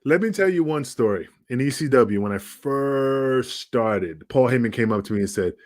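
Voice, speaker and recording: A man talking in a casual podcast chat, an animated storyteller who swears freely and keeps slipping into other voices. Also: mid-range voice, normal speed, hardly any pauses. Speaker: podcast guest, wrestler.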